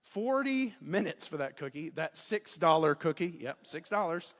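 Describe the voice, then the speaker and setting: A man in his forties, a student pastor giving a casual, self-deprecating sermon, with sudden loud emphasis. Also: fairly high pitch, long reverb tail. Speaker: student pastor, guest preacher. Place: church sanctuary.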